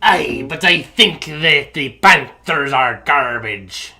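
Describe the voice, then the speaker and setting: A man putting on the voice of a blustering male pirate captain, with a slow, drawling mock accent. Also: medium pitch, faint music behind, pitched below the performer's own voice, natural voice.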